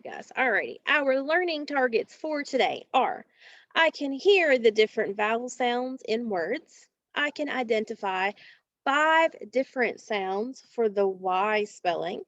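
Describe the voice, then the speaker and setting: A woman's voice: fairly high pitch, fairly bright tone, no room sound. A woman teacher, leading a recorded phonics lesson for children and carefully drawing out each word. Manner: slow, careful, drawn-out word modeling. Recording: dull, dry, lo-fi home recording.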